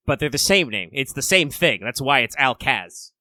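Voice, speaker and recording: An American man co-hosting a relaxed podcast, his voice bright and forward. He rambles, doubles back on words and drops wry asides. The sound is close and dry. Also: mid-range voice, a little slow, no echo. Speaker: podcast co-host. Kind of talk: casual chat.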